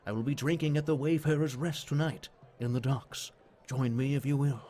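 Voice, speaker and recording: A man voicing a calm, courteous male assassin with a measured, formal delivery. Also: mid-range voice, lightly acted.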